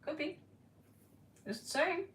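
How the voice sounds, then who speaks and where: A woman's voice: high voice, lively intonation, slow pace, fairly bright tone, roomy sound, distant mic. A woman reading tarot on a live stream, playful, giggly and rambling, recorded in her own room. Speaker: tarot reader.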